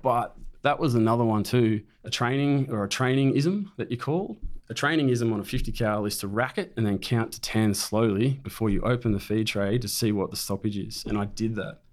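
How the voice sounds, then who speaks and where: A man's voice: on the low side, fairly quick. A man, a military veteran, bluntly recounting a combat ambush in conversation and swearing freely.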